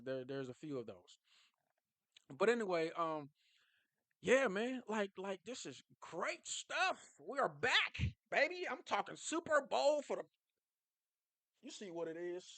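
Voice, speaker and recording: A man talking casually and excitably as a football fan vlogger, jumping from low mutters to high yelps. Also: unhurried, dry recording. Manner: animated, excitable, swings from low mumbling to high shouts.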